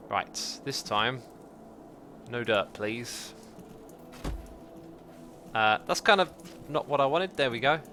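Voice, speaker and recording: A man hosting a live gameplay stream, chatty and excitable, thinking aloud and reading out chat messages. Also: medium pitch, slow, pauses often, a little hiss or hum. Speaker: livestream host.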